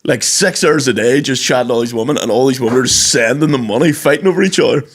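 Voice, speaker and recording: Young irish man, podcast co-host, casual chat, lively storyteller, mid-pitched voice. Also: fast talker, husky. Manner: animated storyteller, does high mock voices when quoting.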